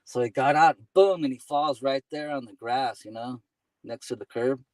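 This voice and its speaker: A man's voice: medium pitch, normal speed, darkish tone, no echo, far from the mic, low-quality recording. A man chatting as a guest, telling casual stories and laughing often, with "you know" and "man" between his phrases. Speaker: guest, delivery driver. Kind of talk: casual storytelling.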